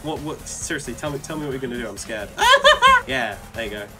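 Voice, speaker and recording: A young man commentating while he plays a racing game, excitable and quick to yell and laugh at his wins and crashes. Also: medium pitch. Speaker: gaming video creator. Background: faint game music.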